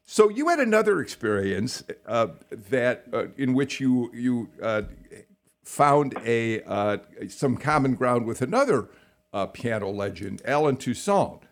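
A male radio host with a gravelly edge asks rambling, halting questions. His pitch swings up and down as he talks. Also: very animated. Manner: halting questions full of fillers and restarts. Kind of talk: radio interview.

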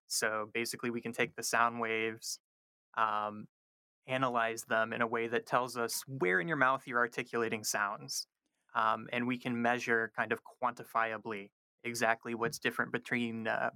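A man's voice: medium pitch, pushed and bright, no echo. A male linguistics professor from North Carolina explaining his research in a radio interview, with frequent ums.

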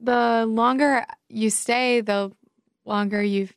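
Bright-ish woman guest, laughs a lot, dry close sound, chatty writer. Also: a little high, fairly even intonation, slow pace, clear, resonant tone, no room sound. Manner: cheerful, laughs often. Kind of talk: conversational interview.

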